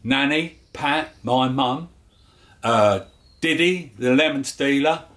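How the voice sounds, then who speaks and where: A man's voice: mid-range voice, takes it slowly, fairly bright tone. Chatty London man hosting a home cooking vlog. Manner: chatty and jokey, with filler words. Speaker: cooking show host.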